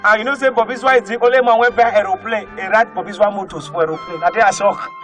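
A male comedian with a Nigerian Pidgin English accent, telling animated comic stories and often breaking into shouted put-on voices. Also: sits high, fast. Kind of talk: stand-up comedy storytelling. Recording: faint music behind.

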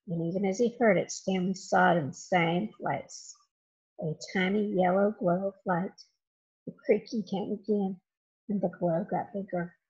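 A woman reads a children's chapter book aloud with an expressive, dramatic delivery. Her voice is husky at a middle pitch. The recording is dull and lo-fi. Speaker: storybook reader.

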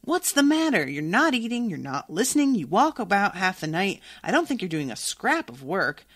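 A woman's voice: mid-range voice, sing-song, normal speed, fairly bright tone, breathy edge, pitched above the performer's own voice. A woman reading aloud as a blunt, no-nonsense young woman. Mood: severe. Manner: blunt and severe.

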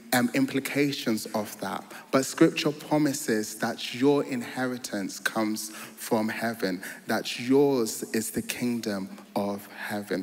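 A man preaching a sermon in a church, earnest and storytelling, building to joyful emphasis. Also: medium pitch. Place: large church hall. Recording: long hall reverb.

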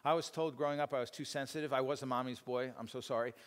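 A man's voice: mid-range voice, steady tone, quick pace. Rambling man teaching in a reverberant church hall. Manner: rambling, self-deprecating, frequent fillers and restarts. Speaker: speaker at a church teaching session. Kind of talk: informal church teaching talk.

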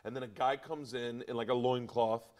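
Crude, animated comedian storytelling. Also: male voice, mid-range voice, moderate pace. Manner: animated, laughs at his own jokes, crude. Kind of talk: comic storytelling.

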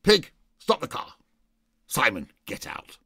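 A man's voice: deep voice, expressive, a little fast, vocal fry, pushed and bright, husky, dry recording, studio quality, full character voice. A man imitating a blustering, hard-drinking older film star who bullies and brags. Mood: contemptuous. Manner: boastful, scornful and domineering.

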